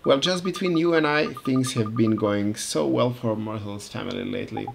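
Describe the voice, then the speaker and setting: A man doing an old gossip of a neighbour lady, confiding chatter, gravelly. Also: mid-range voice, moderate pace, background noise, natural voice.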